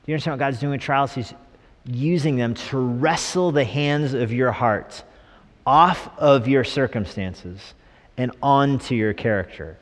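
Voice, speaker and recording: Joking pastor preaching in an echoey hall. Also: male voice, medium pitch, unhurried. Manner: humorous, animated preaching with mock voices. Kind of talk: sermon. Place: church sanctuary.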